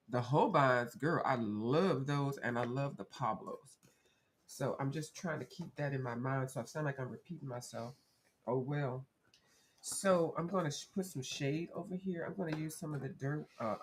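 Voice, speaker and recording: A woman's voice: low-pitched, slight background noise. A woman chatting casually and rambling as she colors on a livestream, correcting herself as she goes. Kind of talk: casual chat while coloring.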